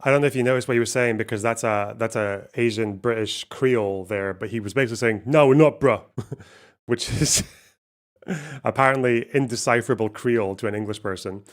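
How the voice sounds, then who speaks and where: A man's voice: lowish voice, brisk, background noise. Sarcastic rambling male streamer. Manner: sarcastic, rambling, laughing often, swearing. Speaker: streamer host. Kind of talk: casual commentary stream.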